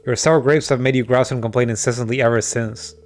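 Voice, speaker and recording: A fed-up middle-aged wife, read by a man, speaks in a cool, measured way. She scolds her husband plainly in a video game scene, with no raised voice. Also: mid-range voice, steady tone, lightly acted. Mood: scolding.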